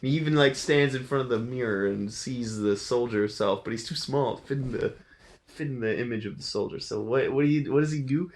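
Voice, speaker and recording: A man's voice: mid-range voice, a little fast. A man casually retelling a film's plot, laughing often and acting out the lines in silly voices. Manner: playful, giggly, acts out lines in silly voices. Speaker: host recapping a film. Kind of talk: casual chat.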